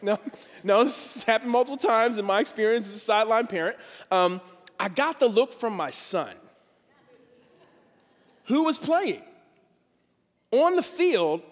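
A middle-aged man preaching a sermon as a pastor, telling stories with self-deprecating humor and lively delivery. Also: high-pitched. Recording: long reverb of a big hall.

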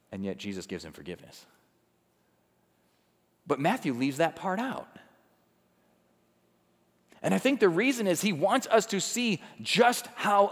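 A man preaching a sermon, swinging from loud intensity to hushed quiet and acting out the people he quotes. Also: a little high, in a large hall. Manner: acts out quoted people in conversational asides. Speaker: pastor.

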